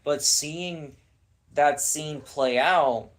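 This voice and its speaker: Profane, ranting young man, slightly high voice. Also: extremely slow. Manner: heated, profane, sarcastic ranting. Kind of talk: casual ranting chat.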